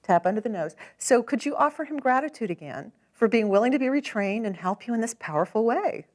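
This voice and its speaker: A woman coaching a client through a tapping session, calm, encouraging and gently directive. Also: a little high, brisk.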